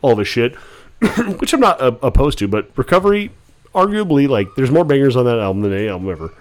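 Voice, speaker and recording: A man in casual podcast chat with a mid-pitched voice. He rambles, starting over often and swearing freely. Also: very animated, brisk. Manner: rambling, swears a lot, many fillers and restarts. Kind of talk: casual podcast chat about rap albums.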